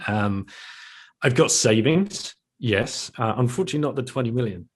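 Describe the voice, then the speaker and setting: A man's voice: medium pitch, lively intonation, normal speed, slightly rough. A middle-aged man speaking as a podcast guest, candid and reflective, with self-deprecating laughs and frequent restarts. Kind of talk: casual interview talk.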